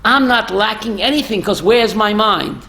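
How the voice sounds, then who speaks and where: A man, a rabbi, telling stories in a lively talk and quizzing his listeners. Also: high voice, normal speed. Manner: animated, asks the audience questions. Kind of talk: storytelling Torah talk with audience.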